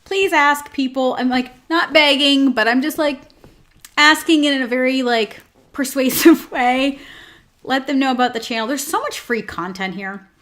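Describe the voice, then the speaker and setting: Her voice is high-pitched and a bit bright, and she speaks at normal speed. As host of her own show, she chats casually, leaning on fillers and tossing in jokes.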